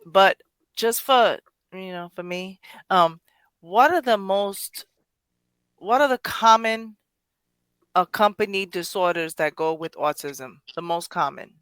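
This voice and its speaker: A podcast host, enthusiastic and quick to interject, leading a casual discussion. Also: mid-range voice, animated, fairly bright tone, clear, resonant tone, no room sound, low-quality recording.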